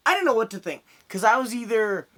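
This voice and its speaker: A man's voice: high voice, lively intonation, quick pace, pushed and bright. A young man doing a stand-up set over a video call, rambling through crude stories. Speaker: stand-up comedian.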